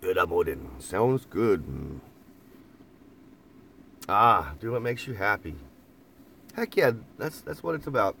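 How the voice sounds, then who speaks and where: A man's voice: lowish voice, very animated, slow, vocal fry, pauses often, bright, forceful tone, a little hiss or hum. A man in a casual, rambling live chat from inside a camper van, laughing often and repeating phrases. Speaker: vlogger reading live chat.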